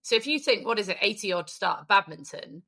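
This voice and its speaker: Woman, podcast co-host, bright edge, chatty and laughing. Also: mid-range voice, animated, fairly quick. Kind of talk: casual chat.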